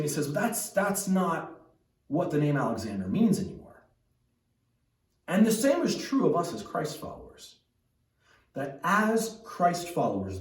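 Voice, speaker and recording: A man preaches a relaxed, conversational sermon, often restarting his sentences and checking in with his listeners. His voice sits at an ordinary pitch for a man. He sounds set back from the microphone in an echoey church room. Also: recorded from a distance. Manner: conversational, with many restarts and tag questions. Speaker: pastor.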